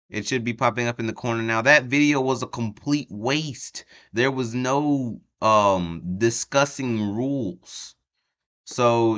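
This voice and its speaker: A man with a low, smooth and resonant voice recaps a wrestling show for his channel. His talk is loose and rambling, full of ums and restarts, and he chuckles at the funny parts. It sounds like a casual, unscripted vlog. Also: fairly bright tone, highs cut off. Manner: rambling, lots of ums, laughs at the story.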